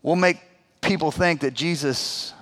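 A man's voice: a little high, a little slow, fairly bright tone. A man in his forties, a pastor preaching a sermon in a conversational, emphatic way, acting out quotes as he goes.

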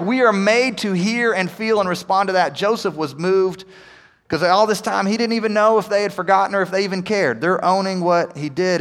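High-voiced pastor preaching in a reverberant church. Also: male voice. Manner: conversational preaching, many "right?" asides, swings from quiet to emphatic. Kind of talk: sermon. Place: church sanctuary. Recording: long hall reverb.

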